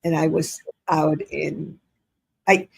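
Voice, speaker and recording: Older woman guest with a gravelly, husky voice who tells animated stories and acts out dialogue. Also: low-pitched, slow. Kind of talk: casual storytelling interview.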